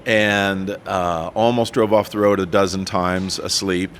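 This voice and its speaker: Low-voiced guy on a podcast, telling his story with a lot of energy, pokes fun at himself, acts out the quotes. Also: steady tone, measured pace, a bit bright, slight background noise. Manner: self-deprecating. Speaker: podcast guest. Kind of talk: storytelling interview.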